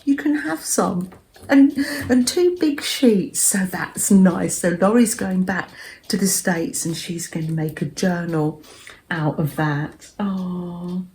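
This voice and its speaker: Older english woman, craft vlog host, gentle rambling chat, mellow voice, unhurried. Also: lowish voice, slight background noise. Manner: gentle, rambling, often dropping to a soft murmur. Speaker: craft vlogger. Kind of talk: cozy chatty crafting vlog.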